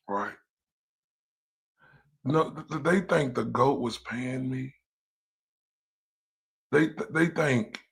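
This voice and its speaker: A man's voice: mid-range voice, gravelly, slightly rough. A man hosting a livestream, ranting in a profane, taunting, confrontational way. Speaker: livestream host. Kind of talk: heated livestream rant. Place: lives in Dallas, Texas.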